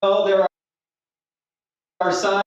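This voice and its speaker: A man rehearsing stand-up jokes out loud, restarting lines and laughing at his own punchlines. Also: high-pitched, monotone, slow. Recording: very echoey room, mic far off.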